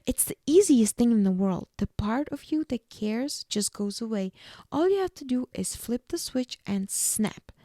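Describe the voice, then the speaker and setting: A woman's voice: on the high side, lively intonation, a little slow, mellow, dry recording, studio quality. Woman reading as Damon, a brooding vampire man. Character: brooding heartbroken male vampire.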